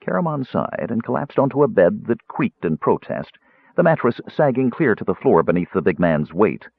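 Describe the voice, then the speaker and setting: A fairly low-voiced man narrates a fantasy audiobook with lively, animated pitch and a husky tone. The recording is dry and tinny, like it is coming over a phone. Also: moderate pace, dry recording. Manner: dramatic, lively storytelling.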